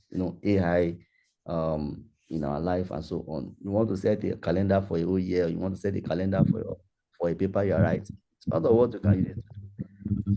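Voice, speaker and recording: Over a video call, a man runs an online workshop, fielding questions as its facilitator. His voice is low and deeply mellow, and he speaks in a loose, conversational, repetitive way.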